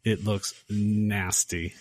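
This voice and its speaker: A man casually recapping a horror film on a podcast, acting out the characters' lines with animated energy. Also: fairly low pitch, very slow, dry recording, clean studio sound. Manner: animated storyteller acting out quotes. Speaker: podcast host.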